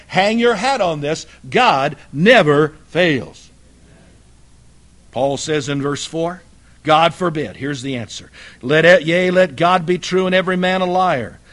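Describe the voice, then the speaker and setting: A man preaching a fiery sermon, swinging between loud emphatic bursts and low, quiet asides.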